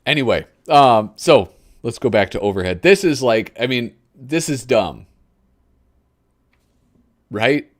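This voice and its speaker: Rambling, slow-talking male host. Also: medium pitch, animated. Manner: rambling, gropes for names, chuckles often. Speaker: host of a magazine flip-through show. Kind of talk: casual live commentary.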